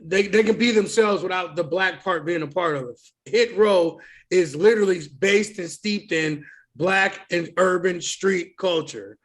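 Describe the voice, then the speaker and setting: A man's voice: high-pitched, unhurried. A man co-hosting a wrestling podcast, talking bluntly and emphatically with plenty of swearing. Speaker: podcast co-host. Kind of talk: casual wrestling podcast chat.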